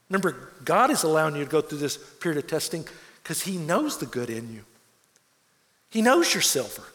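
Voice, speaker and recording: A man's voice: a little high, fairly bright tone, in a large hall. A man preaching a sermon as a pastor, earnest, repeating words as he presses his points.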